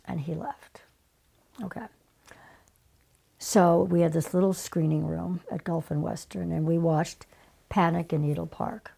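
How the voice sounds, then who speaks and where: Gravelly older woman telling stories. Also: on the low side, measured pace, pauses often. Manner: lively, dropping into breathy whispered asides. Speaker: casting director. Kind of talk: anecdotal interview storytelling.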